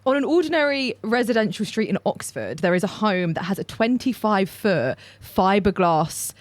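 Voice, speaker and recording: A woman hosting a podcast, chatting warmly with her guest and calling him darling. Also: mid-range voice, lively intonation, moderate pace, dry recording. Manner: affectionate, calls guest darling. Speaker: podcast host. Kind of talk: casual chat.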